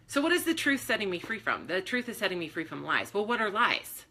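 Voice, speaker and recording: A woman's voice: lowish voice, very animated, brisk, few pauses, bright, forceful tone. A woman speaking to viewers on a live stream about faith and self-worth, candid and emotional, swearing freely and often laughing. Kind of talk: casual live-stream talk.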